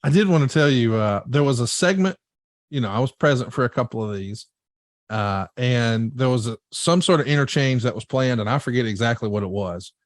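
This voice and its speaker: A man's voice: mid-range voice, fairly quick, no room sound. A middle-aged man with a mid-range voice co-hosts a podcast, acting out other people's lines as he tells stories. His voice sounds dry and close. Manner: animated storyteller acting out quotes. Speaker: podcast co-host and show promoter. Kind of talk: casual podcast chat.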